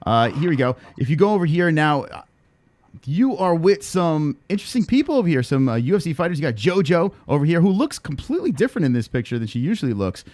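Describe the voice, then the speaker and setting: Male interview host, hyped and chatty, slightly high voice, dry sound. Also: fast talker, dry recording. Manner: excitable, hyping the guest. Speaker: podcast host. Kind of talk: casual interview.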